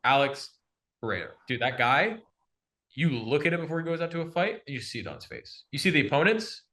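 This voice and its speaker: A young man coaching on sales in an energetic, slangy casual chat, calling the listener bro. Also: on the high side, a little fast.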